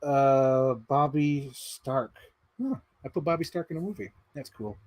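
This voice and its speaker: A man's voice: mid-range voice, measured pace, darkish tone, no echo. A man in his thirties hosting a livestream, reading his yearbook signings aloud, laughing, swearing and getting sidetracked, a bit out of breath. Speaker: livestream host.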